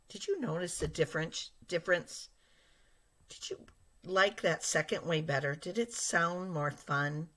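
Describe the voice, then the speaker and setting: A woman teacher giving a lesson to young children, explaining slowly and patiently and speaking straight to her class. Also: lowish voice, fairly bright tone. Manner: slow, patient and explaining, addressing children directly.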